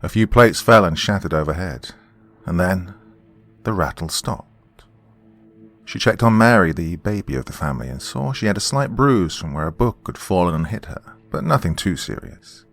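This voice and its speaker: Deep-voiced man narrating horror. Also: lively intonation, vocal fry, fairly bright tone. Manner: measured storytelling. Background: faint music.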